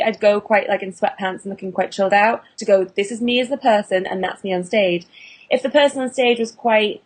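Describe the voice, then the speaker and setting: A British woman, a burlesque performer and actor, chatting in an interview with many restarts and fillers. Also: fairly high pitch. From England. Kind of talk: casual interview chat.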